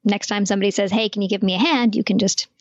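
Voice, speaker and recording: A woman talking through brain science in an interview, steady and clear, with a habit of saying "you know". Her voice sits mid-range and the sound is dry and a little dull, with no room around it. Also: medium pitch, quick pace, no echo. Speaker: guest expert on meditation. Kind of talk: explanatory podcast interview.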